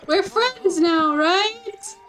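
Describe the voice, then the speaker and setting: Woman streamer, high voice, excitable and giggly, casual game commentary, faint music behind. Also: extremely slow, low-quality recording. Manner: excitable and giggly, coos softly at the horse.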